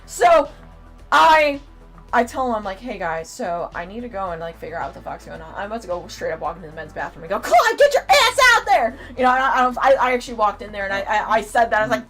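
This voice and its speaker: A woman co-hosting a casual convention review, telling a story in an animated way with lots of swearing. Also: medium pitch, fast talker, faint music behind. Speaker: podcast co-host.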